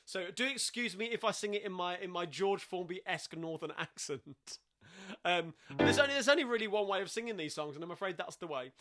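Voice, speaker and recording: A man's voice: high voice, lively intonation, a little fast. A man with a London Cockney accent hosting a live-streamed sing-along, chatting casually between songs with lots of fillers and restarts.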